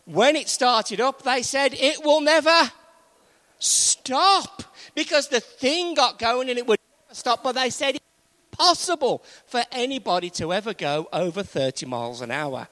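A man preaching a sermon to a congregation, emphatic, swinging between loud raised peaks and low, quiet stretches. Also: very animated, moderate pace, no echo, poor audio.

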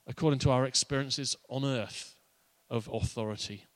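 A man delivers a sermon in a relaxed, conversational way, full of asides and humor. His voice sits in a middle register. The recording is close and dry, with little room sound. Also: medium pitch, normal speed, dry recording. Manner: conversational and playful, with laughs and asides. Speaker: pastor.

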